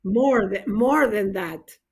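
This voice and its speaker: A woman's voice: mid-range voice, takes it slowly, slightly rough. A woman teaching an English grammar class, encouraging her students and explaining each point patiently, with glosses.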